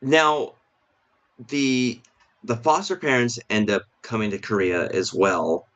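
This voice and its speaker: A man's voice: mid-range voice, slow pace, fairly bright tone. A man co-hosting a casual film review podcast, talking hesitantly with many restarts and fillers. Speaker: podcast co-host. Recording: dull lo-fi stream audio.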